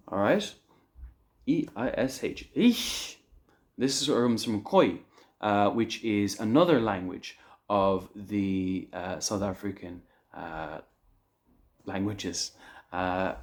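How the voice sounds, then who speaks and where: A man teaching an online English lesson on slang, lively and chuckling as he explains words. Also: lowish voice. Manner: lively, acts out example phrases with chuckles.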